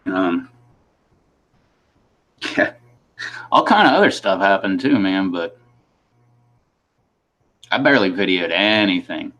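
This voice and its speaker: A man's voice: deep voice, very animated, takes it slowly, long pauses, a bit bright. A man hosting a livestream in casual chat, rambling and laughing between his sentences. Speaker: host of a livestream.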